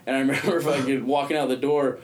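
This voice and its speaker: A man's voice: medium pitch, little pitch movement, fast. A man casually telling a long, profane story, peppering it with "dude" and "you know what I mean".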